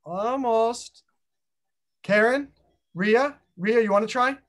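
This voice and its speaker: Host on a video call, playful and chatty, keeps tossing questions to the group, mid-pitched voice. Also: lively intonation, normal speed. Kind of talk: casual group chat.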